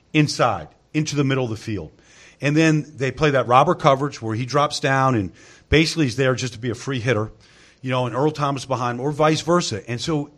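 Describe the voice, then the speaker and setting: A man's voice: mid-range voice, fairly bright tone. A man talking through football tactics in a casual sports discussion, explaining at length and leaning on "I mean" as he goes. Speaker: football analyst.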